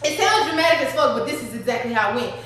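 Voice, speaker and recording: A woman's voice: high voice, lively intonation, very fast, fairly bright tone. A woman telling a personal storytime, dramatic and profane, talking straight to her viewers. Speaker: storytime vlogger. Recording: very echoey room.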